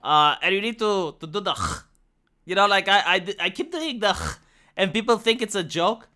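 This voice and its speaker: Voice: mid-range voice, expressive, normal speed, bright, forceful tone. A live streamer from Romania with a Romanian accent, speaking English as a second language. They chat casually and profanely with viewers, rambling through fillers and restarts.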